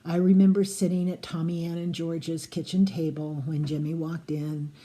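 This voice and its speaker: Woman w a very dark mellow low voice, fond birthday memories. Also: little pitch movement, moderate pace. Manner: fond, reminiscing. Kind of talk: casual video greeting.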